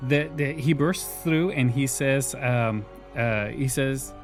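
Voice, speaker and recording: A man's voice: medium pitch, slow, soft background music. A man hosting a casual podcast, retelling scenes from a TV episode and laughing often as he quotes the characters. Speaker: podcast host. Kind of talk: casual recap chat.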